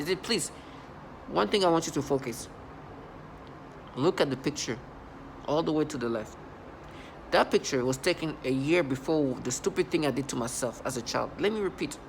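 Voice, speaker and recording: A man's voice: fairly high pitch, creaky, slight background noise. A man talking to camera in an agitated, rambling monologue, often repeating and restarting himself. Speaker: channel host.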